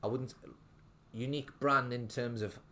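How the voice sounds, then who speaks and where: A man's voice: mid-range voice, steady tone, moderate pace, bright, forceful tone. A man, telling his story as a guest in a casual podcast interview, rambling with lots of "like". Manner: rambling, full of fillers like "like". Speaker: guest, restaurant owner.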